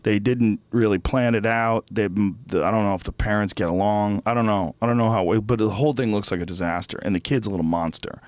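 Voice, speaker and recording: A man's voice: fairly low pitch, a little fast, few pauses, no room sound. A middle-aged man hosting a podcast, telling a story as a casual, profane rant that gets heated and repetitive. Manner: profane, heated, repeats himself when worked up. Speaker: podcast host.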